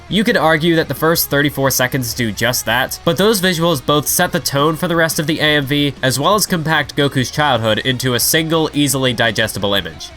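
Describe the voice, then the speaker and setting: A man's voice: mid-range voice, bright, forceful tone. A young man reading a scripted video review voice-over, analytical and now and then enthusiastic.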